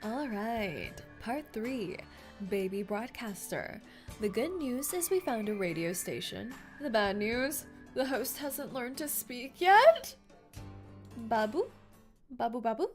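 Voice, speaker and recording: Excitable young woman streamer, lively voice. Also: a little high, takes it slowly, faint music behind. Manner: excitable and playful, laughs often, gasps and jokes between read lines. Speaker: streamer playing a story game. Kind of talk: game playthrough, reading story text aloud and reacting.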